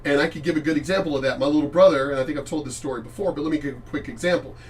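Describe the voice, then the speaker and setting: A middle-aged man gives casual reaction commentary in a high voice, blunt and full of swearing. He rambles and restarts his sentences. He sits some distance from the mic. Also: racing, slight background noise. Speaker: channel host reacting to clips.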